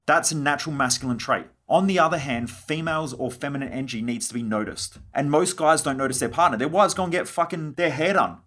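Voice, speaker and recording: Blunt young podcast host, quick and slightly husky, swears as he riffs. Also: a little high, a bit bright. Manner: blunt, swears freely, acts out quoted conversations. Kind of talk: solo podcast monologue.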